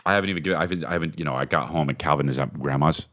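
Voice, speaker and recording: A man in his forties, a podcast host telling a casual comedic story about his kids, with sudden high-pitched bursts and lots of swearing. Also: racing, a bit bright, dry recording, clean studio sound.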